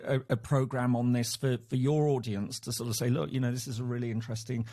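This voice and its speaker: An English man joins an interview from home over a remote call. His voice sits at an average pitch, and he often stumbles, repeats himself and slips in small laughs as he speaks. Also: little pitch movement, quick pace, dark tone. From England. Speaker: guest academic. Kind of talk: conversational interview.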